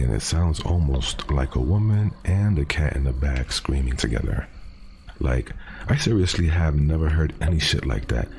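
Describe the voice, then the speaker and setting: A man hosting a podcast, reading a first-person horror story aloud in a casual, profane way with dramatic pauses. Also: very deep voice, a little mellow, slight background noise.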